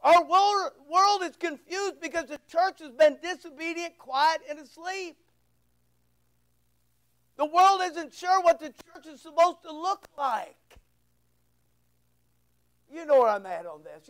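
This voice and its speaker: A man's voice: extremely high pitch, takes it slowly, long pauses, fairly bright tone, poor audio. A man preaching a fervent sermon from the pulpit, firing off rhetorical questions and pressing points home with emphatic repetition. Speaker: pastor.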